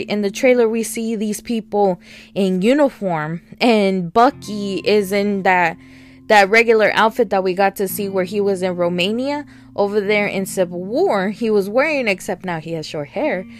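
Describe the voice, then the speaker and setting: A woman reviewing new shows in a casual, chatty way, excitable and full of fillers. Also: mid-range voice. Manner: chatty and excitable, many fillers, laughs while talking. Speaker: podcast host reviewing shows.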